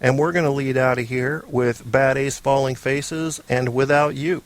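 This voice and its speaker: A man's voice: medium pitch, steady tone, moderate pace, hardly any pauses, no room sound. A man hosting an internet radio show alone, rambling in a casual monologue with dry, self-mocking humor and casual swearing. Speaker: podcast host.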